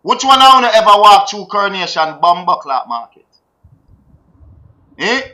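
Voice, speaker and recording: A man with a Jamaican accent holds forth as a podcast host, his voice high and strikingly bright. He rants in animated, patois-laced commentary, often repeating words as he builds a point. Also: normal speed, low-quality recording. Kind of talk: heated casual commentary.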